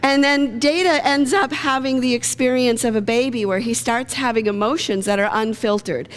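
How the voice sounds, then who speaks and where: A middle-aged woman with a fairly high voice gives a sermon in a relaxed, talky way, now and then acting out the people she quotes. Her voice rings through a church hall with a long reverb. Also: moderate pace. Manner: conversational, acts out quoted lines with shifting voices. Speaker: pastor. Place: church sanctuary.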